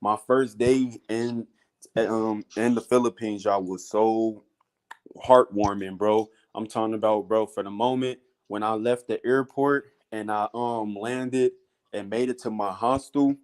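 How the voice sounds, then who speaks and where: A man on a podcast casually telling a story in slang, calling his listeners "bro". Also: measured pace. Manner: animated storytelling with slang, often acting out high-pitched voices. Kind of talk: casual chat.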